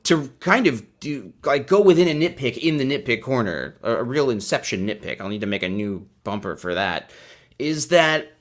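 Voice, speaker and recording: Brief: male stream host, wry and self-mocking, pitch swinging widely, casual riffing on his own reading. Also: very animated, normal speed. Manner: sarcastic, self-deprecating, tangent-prone. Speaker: host of a commentary channel. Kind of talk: casual livestream commentary.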